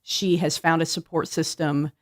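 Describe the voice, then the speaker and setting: A woman's voice: low voice, flat delivery, moderate pace, no room sound, clean studio sound. A woman guest on a radio talk show, speaking thoughtfully and hesitantly with many fillers. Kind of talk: casual radio chat.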